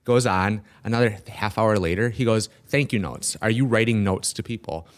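A man's voice: lowish voice, normal speed. A man, an entrepreneur, telling a story in an interview and acting out the dialogue of the people in it. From Minnesota. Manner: lively storyteller who acts out quoted dialogue. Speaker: guest entrepreneur.

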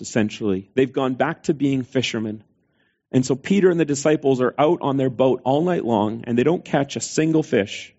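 A man's voice: medium pitch, dark tone, lo-fi sound. A man preaching a sermon, retelling scripture in a conversational way with quoted dialogue. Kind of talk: sermon storytelling.

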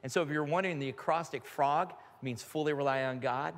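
A man's voice: mid-range voice, steady tone, quick pace, hardly any pauses. Fervent older man preaching in a hall. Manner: earnest, fervent, speaks in prayer. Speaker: pastor. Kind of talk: sermon with prayer. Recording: live hall reverb with music.

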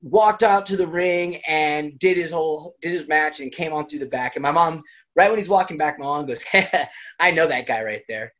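Slightly high and at a moderate pace, this man's voice belongs to a wrestler being interviewed. He rambles through casual stories, laughing frequently in between, all captured on a dull lo-fi recording.

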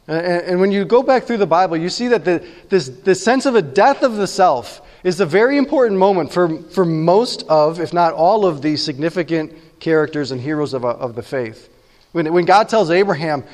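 A man's voice: high-pitched, animated, moderate pace. A man preaching a sermon as pastor, earnest and conversational, often repeating words as he voices the people in the stories he tells. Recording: long reverb in a large hall.

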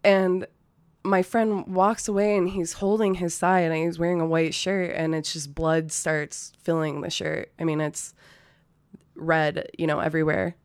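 A woman with a lowish, smooth and clean voice recounts a story in a relaxed, conversational way. She swears freely, leans on fillers, and breaks into short nervous laughs. The sound is close and dry, with no room echo. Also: measured pace. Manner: loose and profane, many fillers, nervous laughs. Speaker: storyteller, former restaurant server. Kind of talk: casual spoken anecdote.

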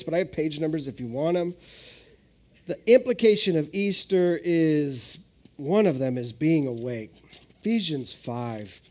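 A man in his thirties preaching a sermon at a live church service, telling stories with sudden jumps in pitch and loudness. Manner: animated storytelling with sudden rises in pitch. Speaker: pastor.

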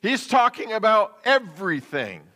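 A man's voice: high voice, sing-song, measured pace, sharp tone. A man preaching a sermon as a pastor, in a conversational style with rhetorical questions. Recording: long hall reverb.

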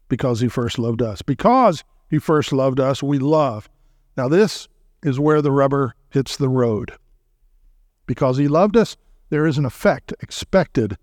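A man preaching a sermon as a guest speaker, emphatic and often checking in with his listeners, slowing down to recite hymn and scripture lines. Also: fairly high pitch, no room sound, clean studio sound.

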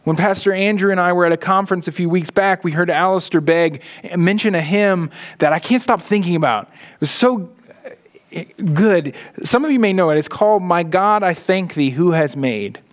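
A man with a high, light speaking voice preaches a sermon from the pulpit. He is earnest, often slowing right down and sinking low and quiet to press a point home. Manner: earnest preaching, slows and drops low for emphasis. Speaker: pastor.

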